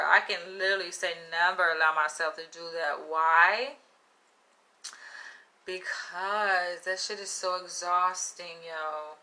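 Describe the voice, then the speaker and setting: A young adult woman talks straight to her viewers in a loose monologue. She is blunt and animated and swears freely. Her voice is bright and sharp, with the middle pitch of a woman. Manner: blunt, profane and animated, with frequent laughs. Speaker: vlogger. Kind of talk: casual monologue to camera.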